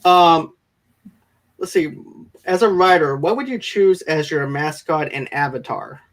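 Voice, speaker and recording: A man's voice: a little high, animated, a bit bright. A man hosting a casual interview show, talking in eager, rambling runs. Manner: eager, rambling, quick bursts. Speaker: show host.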